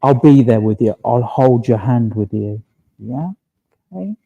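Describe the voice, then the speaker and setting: A man working as a medium in a church service, gently relaying spirit messages and checking in with a questioning "yeah?" after nearly every phrase. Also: medium pitch, unhurried, vocal fry, dull audio. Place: village hall.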